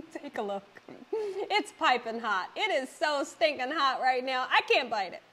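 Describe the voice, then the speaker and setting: A woman's voice: high-pitched, animated, a little slow, fairly bright tone. Exuberant woman hosting a cooking vlog. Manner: chatty, exuberant, talks straight to viewers. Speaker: cooking channel host. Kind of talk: casual cooking vlog chat.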